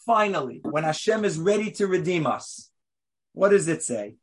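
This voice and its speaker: A man, a rabbi, delivering a sermon, telling the story with animated rhetorical questions and swinging between loud outbursts and hushed asides. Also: high voice, normal speed, husky.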